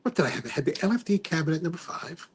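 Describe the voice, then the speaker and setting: This livestream host's voice sits on the high side, animated and racing with a breathy edge. Chatting casually, he reads out viewer comments and rambles on, frequently trailing off and starting over.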